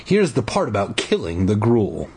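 A man's voice: lowish voice, huge pitch swings, moderate pace, a little mellow, husky, full character voice. A man voicing an earnest, bookish young boy who reads aloud and makes urgent demands.

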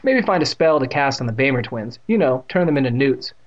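A man's voice: mid-range voice, lively intonation, a little fast, dull audio, close to an everyday voice. A man voicing a sarcastic young boy in a storybook reading, with a raised voice. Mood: casual.

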